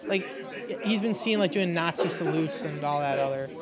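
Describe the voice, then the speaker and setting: A young man with a high voice rambles through a casual chat, leaning on fillers and restarts. The clear murmur of a crowd sits behind him. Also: moderate pace.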